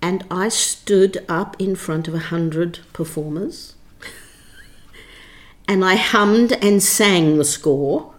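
A middle-aged woman tells a long story as an interview guest. Her voice sits a little low for a woman, and she speaks expressively, leaning on key words and often restarting her sentences. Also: drawn-out words. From Australia. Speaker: theatre director and writer, interview guest.

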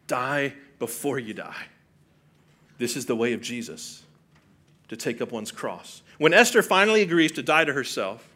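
Man, pastor, sermon, bright ringing tone, fairly high voice, hushed then emphatic, earnest. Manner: swings from soft and hushed to loud and emphatic; earnest preaching with rhetorical questions.

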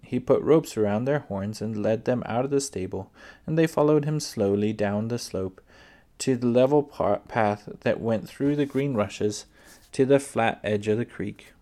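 A man reading a children's book aloud, unhurried, with small slips and restarts. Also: medium pitch, warm tone. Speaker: reader.

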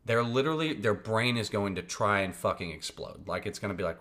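A man's voice: on the low side, fast, hardly any pauses, a bit bright. A man hosting a podcast, giving casual advice in a blunt, profane, emphatic way and often checking in with his listeners. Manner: conversational, checks in with "right?" and "okay?". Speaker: podcast host.

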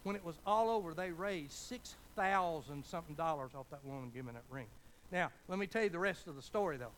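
A man's voice: a little high, lively intonation, brisk, fairly bright tone, slight background noise, rough recording. A man preaching a sermon, telling a folksy story as pastor and building to fervent appeals.

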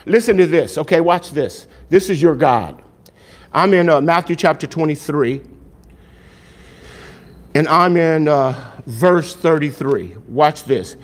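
A male pastor preaching a sermon in an animated way, asking rhetorical questions and answering them himself, with jokes and laughs between points. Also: on the high side, a little slow.

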